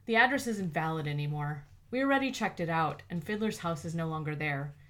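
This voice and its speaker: A woman voicing a direct, guarded young woman investigator in an audiobook, slightly above her narrating pitch. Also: expressive, a little fast, fairly bright tone. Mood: matter-of-fact. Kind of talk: audiobook character voice.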